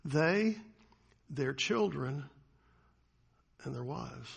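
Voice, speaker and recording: A male pastor delivers a sermon with a rough, gravelly texture and a breathy, husky edge. His voice sits slightly higher than most men's. He keeps it conversational and turns to the congregation with questions. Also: expressive, extremely slow, dull audio.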